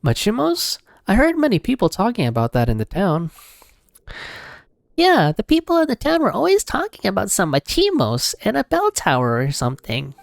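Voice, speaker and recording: A man voicing a tiny, excitable female fairy companion in a high, squeaky voice while reading a video game aloud. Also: moderate pace, creaky, no room sound, clean studio sound, heavily acted. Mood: curious.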